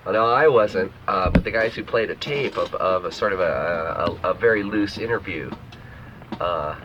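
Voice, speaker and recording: Very low-voiced man rambling over tape hiss. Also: normal speed. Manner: relaxed, rambling, laughing, leaning on "you know". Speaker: musician guest. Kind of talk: casual radio interview. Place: radio studio. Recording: dull archival radio tape with hiss.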